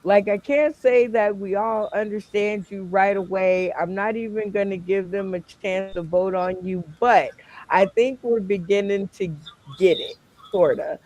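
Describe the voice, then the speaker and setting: A man's voice: high voice, steady tone, measured pace, a little mellow, dry recording. A man hosting a comedy game show over a video call, laid-back and chuckling. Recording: dry, dull lo-fi stream audio.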